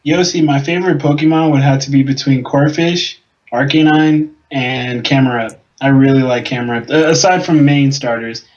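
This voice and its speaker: A man's voice: medium pitch, moderate pace, darkish tone, dull audio. A young man on a casual gaming podcast, trading laid-back, boastful banter. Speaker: podcast co-host.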